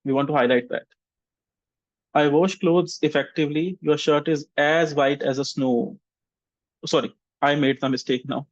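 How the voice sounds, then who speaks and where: The clip features a male English teacher leading a vocabulary class online, slowly voicing sample sentences so his students can mimic the rise and fall. His pitch runs slightly high for a man, his tone stays steady, and the audio is dry and somewhat dull with no room sound.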